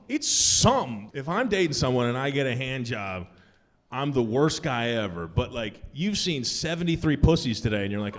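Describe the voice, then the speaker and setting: Young male stand-up comic, animated delivery, live club reverb. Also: brisk. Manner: animated, jumps into high-pitched punchlines. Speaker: stand-up comedian. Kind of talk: stand-up set. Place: comedy club stage.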